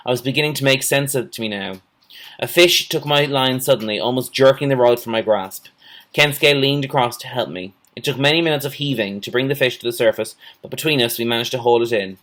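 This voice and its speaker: A male teacher reading a children's storybook aloud in a steady, measured way. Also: mid-range voice.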